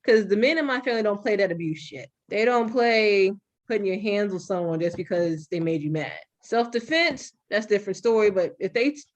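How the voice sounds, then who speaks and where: A young adult woman hosting a podcast, talking frankly and with some profanity in an animated, storytelling way. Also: medium pitch, brisk. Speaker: podcast host. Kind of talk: candid podcast conversation.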